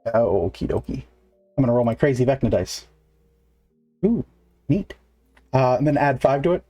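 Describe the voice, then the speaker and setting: A man's voice: mid-range voice, lively intonation, moderate pace, dark tone, soft background music. A man narrating as game master in a casual, filler-heavy way, counting moves aloud.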